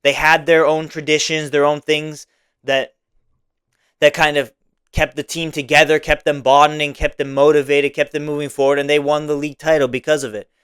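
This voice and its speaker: A young man speaks in a smooth, clear voice that sits a bit high for a man. He rambles through a casual solo podcast monologue, leaning on "like" and tagging "right?" onto his points. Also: little pitch movement, normal speed, a bit bright. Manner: rambling, many fillers like "like" and "right?". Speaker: podcast host.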